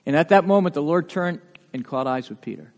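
A man with a New England accent, a pastor preaching a sermon in a lively, conversational way, full of rhetorical questions. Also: on the high side, brisk. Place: church sanctuary. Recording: long church reverb.

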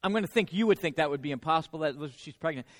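A man preaches a sermon in a loose, conversational way and keeps checking in with "right?". His voice sits high for a man, and a long reverb trails after it, as in a large hall. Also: racing.

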